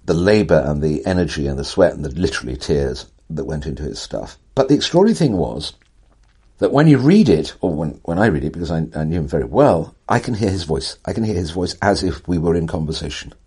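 A man's voice: sits low, lively intonation, fairly quick, mellow, husky. An older man, a writer answering an interviewer's questions with eloquent, wry, theatrical storytelling. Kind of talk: animated conversational storytelling.

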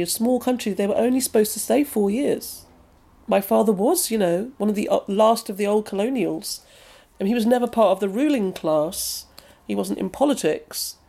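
This is a woman with an English accent, speaking as a novelist in a long interview. She reflects out loud in an easy, conversational manner and often restarts her sentences mid-thought. Her voice sits at an ordinary middle pitch. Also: vocal fry.

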